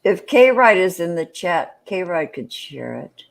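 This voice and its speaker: Woman, easygoing stream co-host, animated pitch. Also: unhurried, vocal fry, very noisy. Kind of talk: casual chat.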